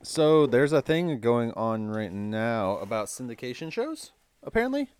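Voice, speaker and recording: Casting note: man, podcast co-host, smooth resonant voice, animated, dry close mic. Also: medium pitch, measured pace, dry recording. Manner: relaxed, explains with casual profanity. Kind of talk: casual chat.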